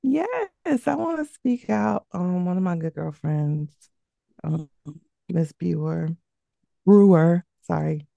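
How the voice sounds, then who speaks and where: A woman's voice: lowish voice, expressive, slow, vocal fry, dark tone, no room sound, lo-fi sound. A woman co-hosting a podcast, chatty and teasing, still recovering from a sore throat. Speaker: podcast co-host. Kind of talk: casual podcast chat.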